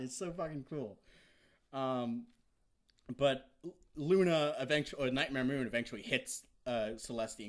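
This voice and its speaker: A young man excitedly recapping a cartoon episode in a rambling, casual way, swearing often and now and then bursting into loud shouts. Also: fairly high pitch. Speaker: vlogger.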